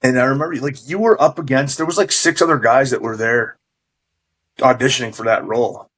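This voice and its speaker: Relaxed, reminiscing middle-aged man. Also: medium pitch, brisk, breathy edge, rough recording. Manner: relaxed, thoughtful recollection with hesitations. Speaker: podcast guest. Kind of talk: casual interview chat.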